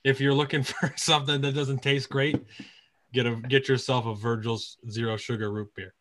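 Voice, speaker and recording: Wry mid-pitched man on a podcast. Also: little pitch movement, moderate pace, fairly bright tone, slight background noise. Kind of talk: casual football podcast chat.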